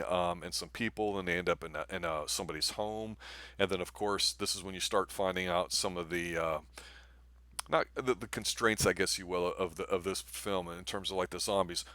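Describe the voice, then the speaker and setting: Low-voiced man chatting about movies. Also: a bit bright, dry recording. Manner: rambling, enthusiastic, filler-heavy. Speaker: movie review co-host. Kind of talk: casual movie review chat.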